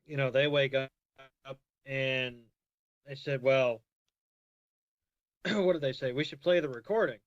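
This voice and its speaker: A man's voice: mid-range voice, measured pace, long pauses, muffled recording. A man co-hosting a podcast, chatting about a cartoon in a laid-back, matter-of-fact way. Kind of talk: casual podcast chat.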